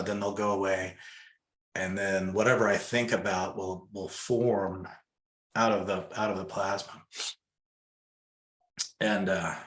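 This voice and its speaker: A man softly telling a personal story in a reflective, casual way, with frequent fillers. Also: lowish voice, reverberant. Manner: soft-spoken, reflective, lots of fillers.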